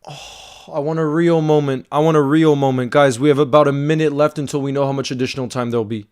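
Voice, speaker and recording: A man hosting a live fan watchalong, calling the play, repeating himself, and swinging between frustration and shouting. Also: mid-range voice, fast talker, smooth. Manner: emotional, swings from frustrated to screaming excitement; calls play by play, repeats phrases.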